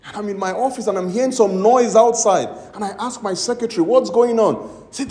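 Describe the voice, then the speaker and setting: A man's voice: high voice, fairly quick, warm tone, roomy sound. A man preaching a sermon as pastor, telling a story with acted-out quotes and emphatic exclamations.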